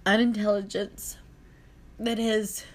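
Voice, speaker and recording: A woman's voice: mid-range voice, level tone, slow. A young adult woman talking in a casual chat, emotional and impassioned.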